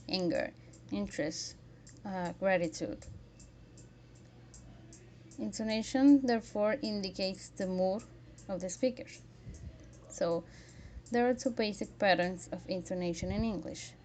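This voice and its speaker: A woman's voice: medium pitch, measured pace, long pauses, darkish tone, slight background noise. A woman teaching a pronunciation lesson, carefully modelling example words one by one.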